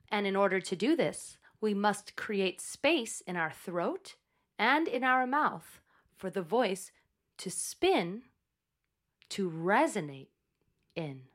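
A woman leads a breathing and voice exercise, taking her time between each instruction. Her voice sits at a middle pitch and stays calm and coaching throughout. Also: slow.

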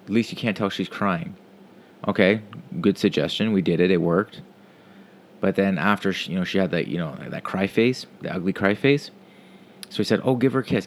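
Low-pitched guy, loose profane delivery, restarts often, faint background hum. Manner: casual, profane, rambling with restarts. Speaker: parent telling a story. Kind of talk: casual storytelling monologue.

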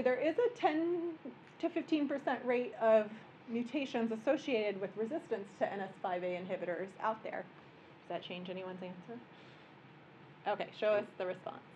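A woman, a physician giving a relaxed, joking medical workshop lecture in a conference room. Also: on the high side, normal speed, pauses often, a little hiss or hum, poor audio. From American Midwest. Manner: conversational and joking, explaining plainly.

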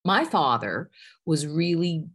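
A woman's voice: low voice, lively intonation, slow pace, a bit bright, husky. A middle-aged woman from Newfoundland, with a light Newfoundland accent, talking earnestly in a casual interview with many fillers and restarts. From Newfoundland, Canada. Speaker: guest.

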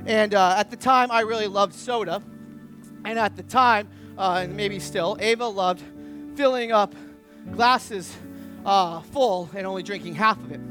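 A man's voice: high-pitched, a little slow, a bit bright, faint music behind. A pastor giving a sermon. He tells a candid personal story with self-deprecating humor and speaks earnestly about confession. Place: church service.

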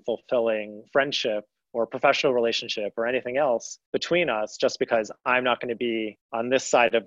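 A young man from the United States appears as a guest in a conversational interview, earnest and a bit rambling, often circling back to restart a thought. His mid-range, fairly bright voice is recorded dry and close with no echo or room sound, giving a dull, lo-fi feel.

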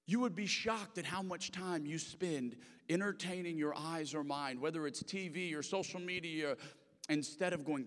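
A male pastor giving a sermon to a live congregation in a church, talking casually and jokingly with many fillers. He moves between loud emphasis and hushed, soft passages. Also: on the high side, expressive, moderate pace. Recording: long reverb of a large hall.

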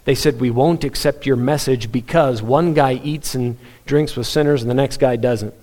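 A man's voice: mid-range voice, normal speed, darkish tone. A man preaching a sermon, earnest and emphatic, pressing his point with rhetorical questions and repetition. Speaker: pastor.

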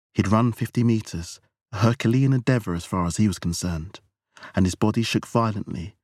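Male narrator for audiobook, very low voice, dry close recording. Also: husky, no room sound.

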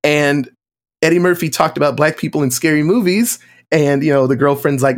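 In a relaxed podcast chat, a man whose voice sits slightly higher than most men's talks through film trivia at a moderate pace. Likely a co-host or guest, he tells his stories with animated energy, often acting out quotes in exaggerated, shifting voices during this casual movie discussion.

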